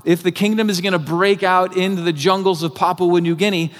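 A man preaching a sermon as pastor, earnest and conversational, often filling pauses with "like". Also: high-pitched, steady tone. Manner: conversational, earnest, many filler "like"s. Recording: long hall reverb.

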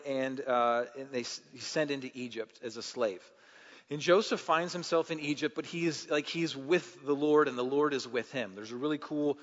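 A man preaching a sermon as pastor, swinging between loud impassioned passages and relaxed storytelling with fillers. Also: medium pitch. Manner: rising to loud impassioned delivery, then easy conversational storytelling with fillers. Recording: dull sound with long hall reverb.

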